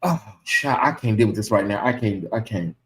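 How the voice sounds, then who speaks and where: A man hosting his own livestream, chatting casually and reacting out loud to messages from viewers. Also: on the low side, moderate pace, roomy sound, poor audio. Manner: chatty, animated, reacts aloud to comments. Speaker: channel host.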